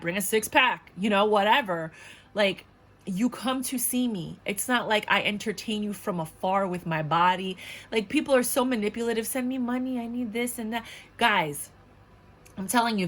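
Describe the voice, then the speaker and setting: A woman's voice: medium pitch, a bit bright. A woman giving a casual tarot reading to viewers, blunt and outspoken, swearing often and repeating her points with indignant emphasis. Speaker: tarot reader.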